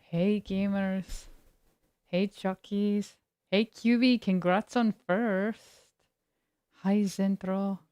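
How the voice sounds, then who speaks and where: A woman's voice: medium pitch, fairly even intonation, extremely slow, pauses often, dark tone, smooth, no room sound. A woman streamer chatting casually with her live viewers, laid-back and giggly, greeting people by name. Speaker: game streamer.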